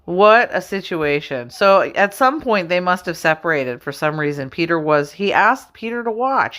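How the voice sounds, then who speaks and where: A woman at home giving casual commentary on scripture, reading verses slowly and laughing often as she talks. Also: fairly low pitch, expressive, fairly bright tone. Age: adult. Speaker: religious video host.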